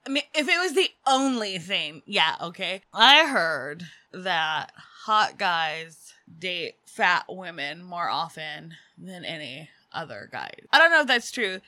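Lively, bright-voiced woman chatting. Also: lowish voice, takes it slowly, few pauses. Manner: laughs often, lively and chatty. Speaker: podcast co-host. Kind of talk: casual chat.

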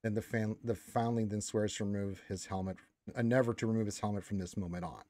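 A man's voice: fairly low pitch, fairly even intonation, fast talker, warm tone, no echo, studio quality. A man hosting a casual fan discussion, explaining lore at length with restarts and notes read aloud.

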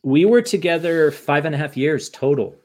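A man's voice: on the high side, normal speed, darkish tone. A man from the United States, a guest and author, talking frankly and emotionally in an interview, swearing now and then and often restarting his sentences. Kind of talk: candid interview conversation.

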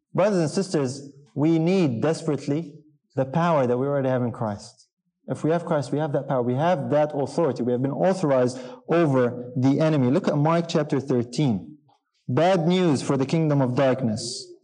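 A man delivers a sermon in a slightly higher voice, earnest and emphatic. He keeps asking his listeners questions and pressing his point home. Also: warm tone, rough recording. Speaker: preacher.

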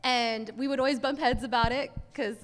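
High-voiced young woman preaching in hall. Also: fairly even intonation, normal speed. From Hispanic family, US. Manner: casual storytelling, many "like" fillers. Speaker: church speaker. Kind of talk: sermon testimony. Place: church sanctuary. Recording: long hall reverb.

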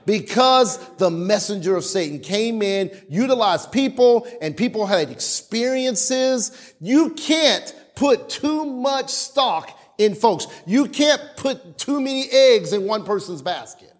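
A middle-aged man pastor preaching a sermon with dramatic pauses and call-and-response. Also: high voice, expressive.

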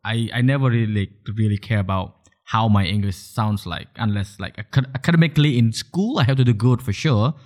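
Male podcast host, low-ish voice, loose and chatty. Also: fairly quick, darkish tone. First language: Khmer. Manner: chatty, many restarts and "like" fillers, bursts of laughter. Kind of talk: casual interview chat.

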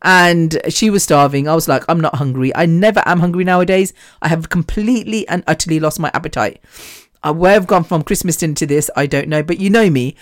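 A woman's voice: lowish voice, fairly quick, no echo, studio quality. A woman hosting a solo podcast, telling rambling, scatterbrained stories in a chatty way. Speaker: podcast host.

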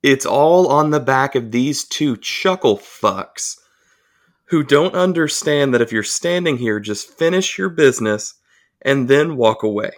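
A man's voice: mid-range voice, lively intonation, unhurried. A man co-hosting a casual podcast, telling an exasperated, rambling, profane story.

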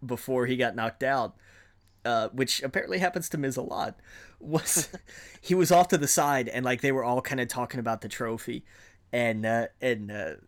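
Laid-back man chatting about wrestling. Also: mid-range voice. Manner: excited storytelling with frequent laughs and restarts. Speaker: podcast co-host. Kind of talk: casual chat.

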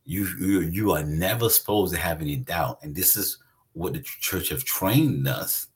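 A man's voice: low-pitched, normal speed. A man preaching a conversational sermon, emphatic and repeating his phrases for weight.

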